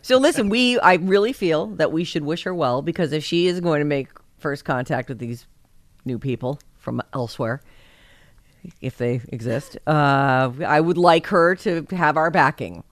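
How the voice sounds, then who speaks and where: A woman's voice: low voice, expressive, moderate pace, dry recording, studio quality. A woman hosting a casual talk show, chatty and wry with playful sarcasm. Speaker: host. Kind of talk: casual chat show banter.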